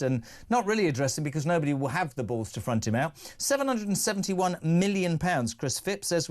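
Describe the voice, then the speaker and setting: A man, hosting a talk radio show with brash, teasing, sarcastic banter. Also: fairly high pitch. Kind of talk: lively opinionated talk radio.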